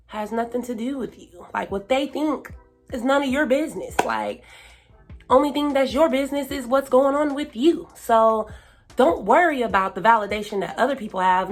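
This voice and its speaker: A woman giving casual self-help advice to camera, chatty and full of fillers. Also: mid-range voice. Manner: chatty, lots of fillers, hypes herself up.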